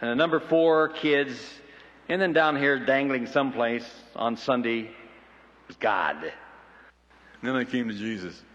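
A middle-aged man preaching a sermon in a folksy, animated, joking way. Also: medium pitch, a little slow, pauses often, in a large hall, lo-fi sound.

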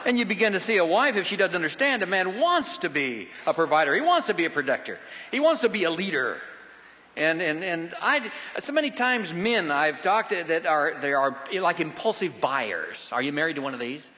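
High, bright-voiced folksy preacher. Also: male voice, brisk, long reverb tail. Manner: folksy, animated, joking. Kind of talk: sermon.

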